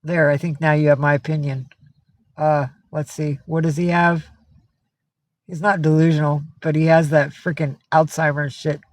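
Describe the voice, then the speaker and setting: A woman's voice: sits low, level tone, moderate pace, a little mellow, dry recording. A woman from upstate New York hosting a casual livestream, chatting with viewers, greeting them by name and swearing freely. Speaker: livestream host.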